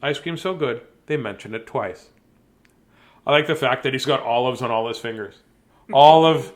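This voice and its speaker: A man's voice: medium pitch, moderate pace. A man hosting a bedtime story reading, chatty and playful, laughing and riffing between pages. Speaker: host reading children's books aloud. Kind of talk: casual read-aloud storytelling.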